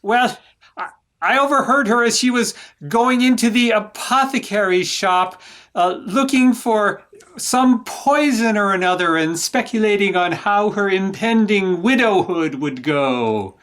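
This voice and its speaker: A sly, scheming male servant, played by a performer who talks slowly and insinuatingly. He eggs on his mark with unhurried, knowing murmurs. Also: medium pitch, a bit bright, natural voice. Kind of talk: stage comedy acting.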